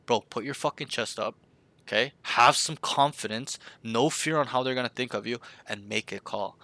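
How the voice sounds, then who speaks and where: A man coaching a student through a match review, talking bluntly and swearing freely. His voice is bright and forceful, recorded dry and close with no room sound. He often acts out team callouts to show how they should sound. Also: medium pitch, normal speed, dry recording. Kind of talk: casual coaching session.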